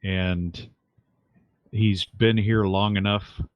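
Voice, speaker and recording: A man's voice: lowish voice, steady tone, drawn-out words, no room sound. A man running a tabletop game as game master, thinking aloud with fillers and wry asides. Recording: dull lo-fi dry mic.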